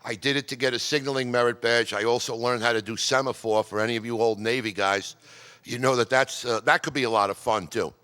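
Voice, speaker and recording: A man's voice: mid-range voice, steady tone, fairly quick, sharp tone, clean tone. A middle-aged man from New York giving a chatty, digressive talk about amateur radio and telling stories at a club meeting. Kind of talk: casual storytelling talk. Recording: long reverb in a hall.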